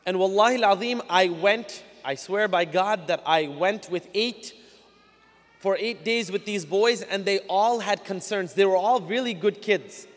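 A man with a high, light voice speaks to a gathered crowd from a stage, earnest and direct in a plain conversational way. His words ring out with the long reverb of a large hall. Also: unhurried. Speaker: guest speaker at a Muslim community talk. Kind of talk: religious talk to a live audience.

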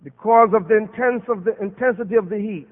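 This American man talks fast in a high-pitched voice as he delivers a fervent sermon to a Muslim conference, weaving in Arabic verses. He is in a big conference hall, and the audio has a phone-like quality and long hall echo.

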